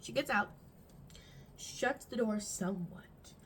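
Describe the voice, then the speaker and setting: A teenage girl doing a get-ready-with-me vlog in her bedroom, rambling and animated with lots of fillers. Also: a little high, takes it slowly, a little hiss or hum, low-quality recording. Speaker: vlogger.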